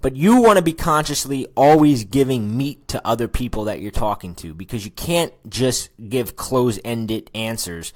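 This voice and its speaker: A man talks through a recorded lesson on small talk at a middle pitch. He keeps it loose and chatty and slips into quick acted snippets of sample dialogue. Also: animated, darkish tone. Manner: casual and chatty, acts out sample lines. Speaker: dating and conversation coach.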